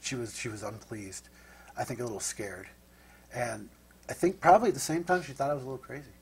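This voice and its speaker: Husky, reflective middle-aged man. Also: mid-range voice, fairly quick. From Nebraska, USA. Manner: rambling and reflective, with frequent tag questions. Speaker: interview guest. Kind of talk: casual storytelling.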